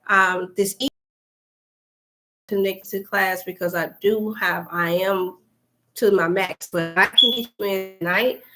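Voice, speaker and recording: This woman has a lowish, slightly bright voice. She's a wellness coach hosting a casual livestream, speaking chattily and directly to her viewers.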